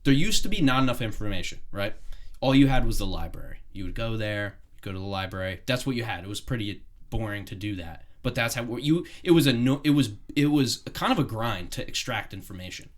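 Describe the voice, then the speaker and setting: A man's voice: lowish voice, animated, a little fast. A young man hosting a podcast, talking casually and thinking aloud in long, winding sentences. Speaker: podcast host.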